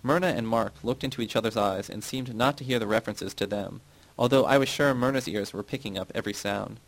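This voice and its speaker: A man reading first-person audiobook narration in a steady, measured way, close to the mic. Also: lowish voice, creaky, poor audio.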